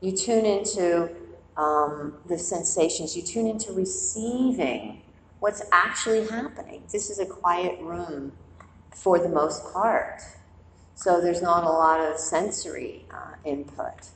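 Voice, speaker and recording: Gravelly woman teaching in an echoey hall. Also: on the low side, slow, slight background noise. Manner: conversational, animated storytelling with acted-out inner voices. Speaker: meditation teacher. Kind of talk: dharma talk to a meditation group. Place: quiet meditation hall.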